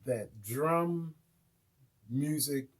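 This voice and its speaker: Husky American man, slow and easygoing, teaching drums live and checking in with viewers. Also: fairly high pitch. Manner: casual, checks in with viewers often. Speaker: drum teacher. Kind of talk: live online music lesson.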